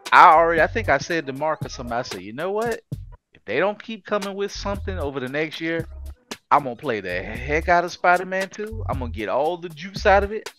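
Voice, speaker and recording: Man, bright voice, animated pitch, slangy casual podcast talk. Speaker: podcast co-host. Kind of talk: casual chat.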